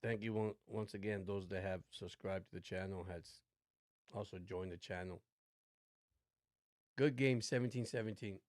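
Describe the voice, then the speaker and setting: A man's voice: on the low side, steady tone, moderate pace, pauses often, darkish tone, dry recording, clean studio sound. A man hosting a casual sports watch-along livestream, chatting in a rambling, laid-back way. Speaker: livestream host.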